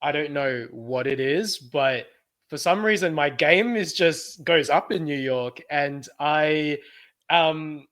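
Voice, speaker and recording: Young aussie guy on a podcast, brightish higher voice, laughing a lot as he tells stories. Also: slow pace. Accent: Australian. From Australia. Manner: giggly, animated storytelling with frequent laughs. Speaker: podcast co-host. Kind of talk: casual chat.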